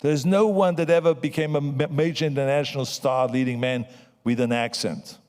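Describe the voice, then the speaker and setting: A man in his seventies with a foreign accent delivers an emphatic, motivational acceptance speech, repeating his key phrases. His mid-range voice is clean and a little mellow, with fairly even intonation and a moderate pace. A long hall reverb colors the recording.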